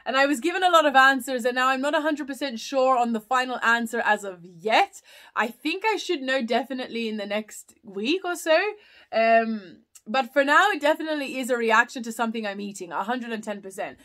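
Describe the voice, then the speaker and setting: A woman's voice: fairly high pitch, fairly quick, a bit bright. A woman hosting a casual live chat, answering viewer questions in a rambling way with many fillers and restarts.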